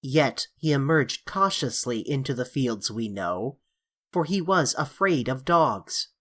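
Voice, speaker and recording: A reader with a mid-range voice narrates a classic fantasy novel at a measured, even pace. The delivery is steady and descriptive, in the style of a full-length audiobook. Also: medium pitch.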